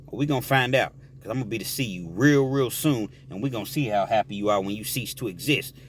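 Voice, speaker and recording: A man's voice: fairly low pitch, quick pace, a little hiss or hum, close to an everyday voice. A man playing a jealous prison inmate on a phone call, heated and menacing.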